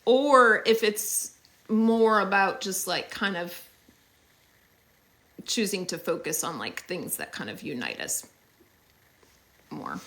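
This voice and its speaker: A young woman talks casually on a phone livestream, her tone bright and clear. Her pitch rises and falls a lot as she chats and thanks viewers. She fills the gaps with "um" and "like". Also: big pitch swings, takes it slowly, pauses often. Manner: chatty and upbeat, thanking viewers with many fillers. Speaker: livestream host.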